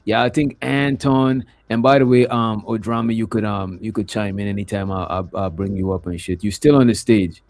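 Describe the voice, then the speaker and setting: A man's voice: fairly low pitch, fairly even intonation, normal speed, creaky, few pauses, darkish tone, no room sound. A man hosting a livestream, talking loosely with lots of filler phrases. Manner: loose, rambling, with frequent "you know what I'm saying". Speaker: livestream host. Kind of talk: casual livestream commentary.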